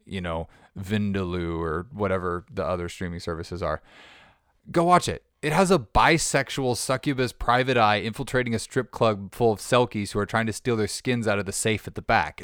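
In a loose, jokey monologue, a man hosting a podcast wanders from thought to thought and keeps restarting. His lowish voice is smooth and a bit bright, captured dry in a studio.

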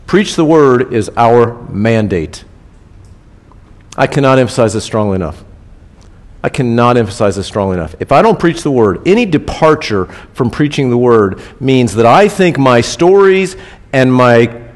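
A man preaching a sermon in a casual, conversational way, repeating key phrases for emphasis. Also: mid-range voice. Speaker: pastor. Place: church.

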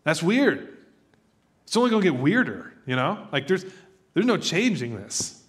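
A man preaching a sermon in a conversational, animated way, acting out quoted voices as he tells stories. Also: fairly high pitch, unhurried. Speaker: pastor.

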